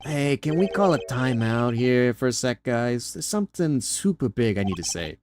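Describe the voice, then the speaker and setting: A man's voice: medium pitch, big pitch swings, moderate pace, darkish tone, a little hiss or hum, lightly acted. A man voicing a cheeky male investigator with a brash, jokey way of talking. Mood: teasing.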